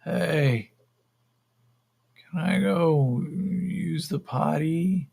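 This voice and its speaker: A man's voice: fairly high pitch, very slow, vocal fry, a little mellow, husky, voice pushed up, heavily acted. A man voicing a dazed, drawling slave warrior. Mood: dopey. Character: dazed, stoned, enslaved male warrior.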